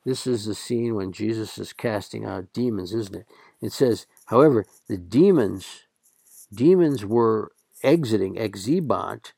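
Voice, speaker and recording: A man teaching Latin, reading scripture passages aloud and translating them slowly and deliberately. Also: lowish voice, gravelly, mellow, dry recording, studio quality.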